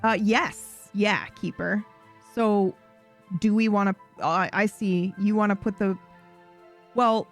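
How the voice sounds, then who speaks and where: Woman stream host, casual and rambling, gravelly fry, faint music under her. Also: mid-range voice. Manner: rambling, self-correcting, loose and profane. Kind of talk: casual live-stream chat.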